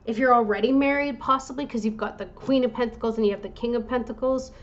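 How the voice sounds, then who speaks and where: A woman giving a tarot reading to her viewers in a gentle, reassuring way, now and then breaking off to apologize. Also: fairly high pitch, fairly even intonation, quick pace, dull audio. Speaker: tarot reader.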